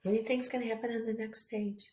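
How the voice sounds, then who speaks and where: A woman teacher reading a picture book aloud to young children, with gentle, expressive delivery and questions to the class. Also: fairly high pitch, fast talker. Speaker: kindergarten teacher. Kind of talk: read-aloud storytime lesson. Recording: echoey room.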